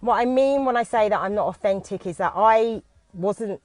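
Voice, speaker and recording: A British woman who teaches dance talks into her phone from inside a parked car on a live video, nervous and halting, with frequent restarts. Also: mid-range voice, a little mellow, no echo. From United Kingdom.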